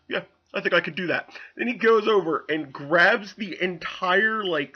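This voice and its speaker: A young man casually recapping a wrestling show, rambling and animated with lots of fillers. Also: mid-range voice, muffled recording.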